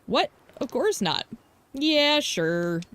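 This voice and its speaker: A woman's voice: sits high, sing-song, extremely slow, fairly bright tone, pitched above the performer's own voice, exaggerated voice. A woman voicing a snooty, dismissive teenage girl with a snippy delivery.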